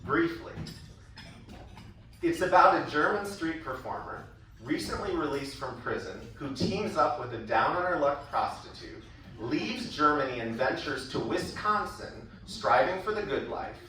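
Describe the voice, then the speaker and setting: Slightly high-pitched and a bit slow, this man gives a prepared school-event speech full of stories, perking up whenever he quotes someone. The distant recording catches the hall's echo along with a little hiss or hum.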